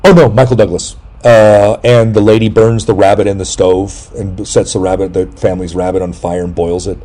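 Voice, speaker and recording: A man talks in a loose, rambling way, his voice mellow and dark. He tells stories with animated asides, suddenly pitching up to mimic people, and swears without a second thought. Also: moderate pace. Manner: swears freely. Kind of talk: casual chat.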